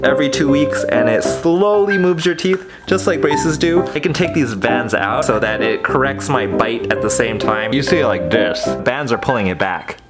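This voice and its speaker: Man, vlogger, chatty explaining, loud music bed. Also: mid-range voice, expressive, normal speed, few pauses. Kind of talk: casual vlog explaining to camera. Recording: vlog with loud background music.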